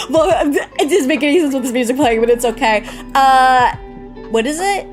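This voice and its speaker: A young woman streamer chatting casually with her live chat, bubbly and giggly, greeting viewers warmly. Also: high voice, moderate pace. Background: faint background music.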